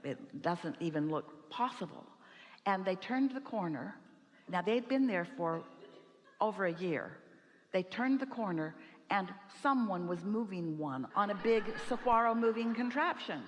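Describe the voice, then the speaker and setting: A woman's voice: mid-range voice, expressive, measured pace. A woman giving an inspirational talk to a seminar audience, speaking as a collective "we" in an emphatic, rhetorical way. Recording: hall reverb, live event.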